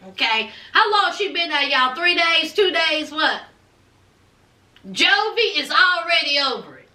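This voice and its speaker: A woman, hosting a casual reality TV recap with sassy, animated storytelling. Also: sits high. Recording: roomy echo, distant from mic.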